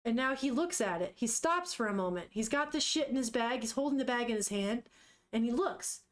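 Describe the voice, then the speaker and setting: A woman casually reading a manga aloud, narrating the panels and breaking in with excited, swearing exclamations of surprise. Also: fairly high pitch, a little fast. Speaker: manga reader, streamer. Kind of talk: casual read-aloud with reactions.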